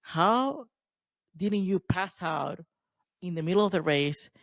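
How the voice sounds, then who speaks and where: A man's voice: high-pitched, expressive, slow pace, gravelly, fairly bright tone, no echo. A man hosting a podcast, asking a casual follow-up question. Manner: casual, conversational. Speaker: podcast host. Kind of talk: interview question.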